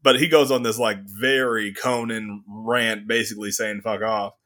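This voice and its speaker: A man co-hosting a casual comic book review podcast, animated, laughing often and acting out characters' lines. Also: lowish voice, normal speed. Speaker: podcast co-host.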